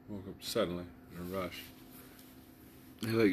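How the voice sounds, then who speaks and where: A lower-voiced man rambling loosely through a casual video message, still drowsy from a nap and chewing as he talks. A faint hiss of noise sits behind him. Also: fairly even intonation, takes it slowly, pauses often. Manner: rambling, loose and just-woken; talks while eating. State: sleepy after a nap. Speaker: vlogger.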